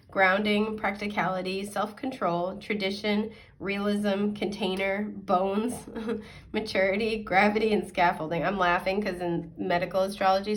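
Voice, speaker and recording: A woman giving a casual tarot reading to her viewers. She is chatty and giggly and fills her talk with frequent ums and likes. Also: medium pitch. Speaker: tarot reader.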